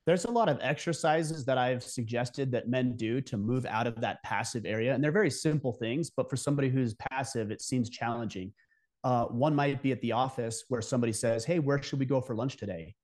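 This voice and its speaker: A man's voice: medium pitch, brisk, darkish tone. A man speaking as a guest on a podcast, giving direct, emphatic advice in casual interview talk.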